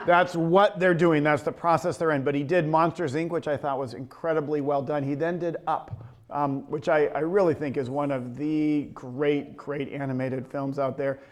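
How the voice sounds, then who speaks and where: A man teaching a Bible study, telling a story in a conversational way with many ums and restarts. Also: a little high. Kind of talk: casual teaching talk.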